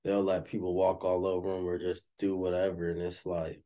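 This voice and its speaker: A man's voice: low-pitched, completely flat delivery, a little fast, warm tone. A man hosting a casual chat, laid-back and agreeable.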